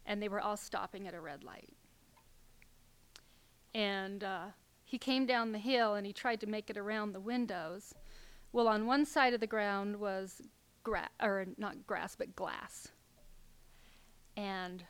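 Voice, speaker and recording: A middle-aged woman tells a personal story to an audience, halting and filler-heavy, sometimes dropping to a near whisper. Her voice is medium-pitched, clear, and resonant.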